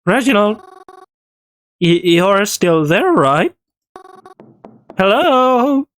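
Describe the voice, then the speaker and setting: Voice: mid-range voice, big pitch swings, very slow, no echo, pitched above the performer's own voice. A game player voicing a nervous young woman who stammers and pleads, reading a visual novel aloud. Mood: uneasy.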